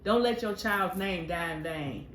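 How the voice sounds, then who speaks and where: A woman with a lowish, fairly bright voice speaks a little slowly as she co-hosts a podcast. She's casual and heartfelt yet emphatic and preacherly, calling listeners "honey," in an echoey room with faint noise.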